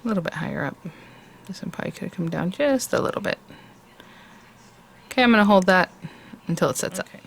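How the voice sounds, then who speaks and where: A woman's voice: on the low side, animated, quick pace, vocal fry, pauses often, slight background noise. A woman hosting a craft tutorial, chatting casually and thinking aloud as she works.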